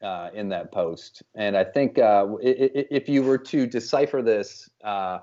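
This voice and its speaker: A man guesting on a comedy show, deadpan and halting, stalling with fillers before the punchline. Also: fairly low pitch, highs cut off.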